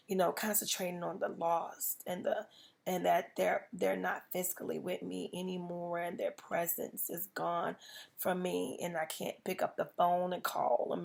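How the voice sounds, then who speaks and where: Gravelly-voiced woman sharing tender reflections. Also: fairly low pitch. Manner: tender, earnest, many "you know" fillers. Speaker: podcast host. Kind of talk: personal reflection to listeners.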